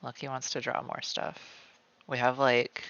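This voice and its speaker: A man draws live on stream at home with his cat close by, chatting in a rambling way full of "like" and calling himself by name in the third person. He speaks at a measured pace in a monotone medium pitch with vocal fry and a bright, forceful tone. The audio has no echo but sounds dull.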